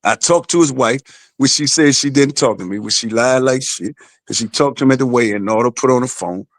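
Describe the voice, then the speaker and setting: A man's voice: medium pitch, brisk, no echo. A man, the father of a boxer, telling a story in blunt, profane casual podcast talk.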